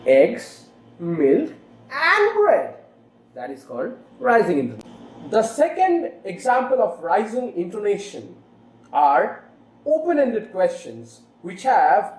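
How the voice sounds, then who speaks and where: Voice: mid-range voice, wildly swooping pitch, slow pace, warm tone. An English teacher giving an online lesson who asks the listener rhetorical questions and swings the voice in exaggerated rises and falls. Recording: roomy echo, faint background noise.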